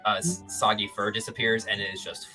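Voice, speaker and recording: A woman narrating a tabletop game as game master, lively and descriptive. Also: very deep voice, fairly quick, over music, poor audio. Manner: lively, descriptive, hesitant fillers.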